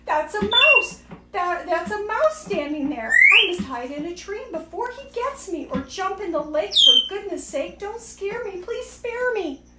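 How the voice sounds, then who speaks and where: A storybook elephant, high-strung and pleading, pitched well above the woman who puts it on. The voice is bright and high, and the room rings with echo. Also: lively intonation, measured pace, distant mic, heavy background noise. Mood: panicked. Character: fretful elephant who must sneeze.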